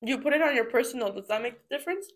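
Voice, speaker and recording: A woman's voice: high voice, racing. A young woman co-hosting a casual chat, talking and giggling while she eats snacks. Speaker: co-host.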